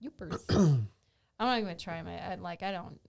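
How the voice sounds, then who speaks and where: A woman's voice: fairly low pitch, lively intonation, moderate pace, creaky, darkish tone. A woman with a Michigan accent, co-hosting a casual podcast chat and laughing often. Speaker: podcast co-host.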